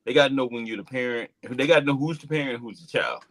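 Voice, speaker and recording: A man's voice: mid-range voice, fast, fairly bright tone, low-quality recording. A man co-hosting a casual podcast, making emphatic points about parenting and calling people dog and bro. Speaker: podcast co-host. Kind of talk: casual group chat.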